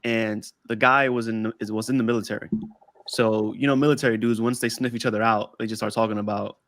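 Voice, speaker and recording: A man's voice: fairly low pitch, steady tone, quick pace, fairly bright tone, no echo. A man co-hosting a podcast in casual chat, telling a rambling story and acting out the people in it. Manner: rambling storyteller who acts out quoted dialogue. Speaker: podcast co-host. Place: lives in Texas.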